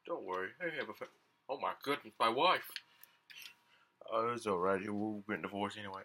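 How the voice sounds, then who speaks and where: A man giving casual gameplay commentary, jumping between low muttering and high excited yelps and swearing often. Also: normal speed.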